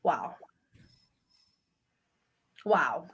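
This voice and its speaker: A woman's voice: drawn-out words, fairly bright tone, a little hiss or hum. A woman guest on a casual live-stream chat whose tongue is swollen, so her speech sounds thick, as if her mouth were full. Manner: candid fan opinions, short agreeing replies.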